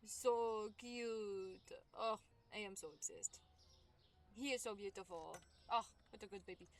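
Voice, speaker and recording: A woman's voice: mid-range voice, a little slow. A young woman streaming a game, chatting casually and cheerfully with her viewers while she plays. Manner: chatty, bubbly, talks to chat while playing. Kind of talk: casual livestream chat. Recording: game music clearly behind the voice. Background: game music.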